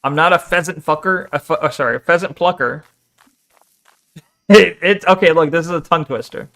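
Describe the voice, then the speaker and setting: A man's voice: fairly high pitch, a little fast, fairly bright tone. Joking man streaming a game. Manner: chatty, joking, reads chat aloud, casual swearing. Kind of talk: casual live game commentary.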